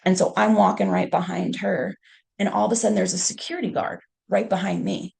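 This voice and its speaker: Woman, middle-aged, husky, gravelly, conversational leadership talk, storytelling. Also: medium pitch, brisk, a little mellow. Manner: conversational, punctuates points with "okay". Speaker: leadership speaker. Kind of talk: storytelling presentation.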